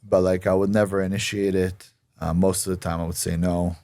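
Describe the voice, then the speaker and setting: Very deep-voiced man telling a story. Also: brisk, no echo. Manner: excitable, acts out others' lines in a high voice. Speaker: podcast guest telling his story. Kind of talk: casual storytelling on a podcast.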